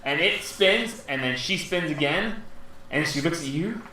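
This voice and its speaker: A man running a tabletop game as game master, narrating with animated, playful storytelling. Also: on the high side, a little slow, a crowd in the background. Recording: echoey room, far from mic, noisy.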